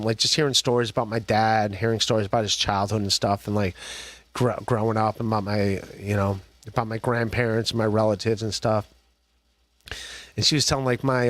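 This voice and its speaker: A man's voice: medium pitch, a bit bright, no echo. A man hosting a podcast, chatting casually and rambling with frequent laughs and restarts. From Ohio. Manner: rambling, laughs often, many restarts and fillers. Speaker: podcast host. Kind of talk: casual rambling livestream chat.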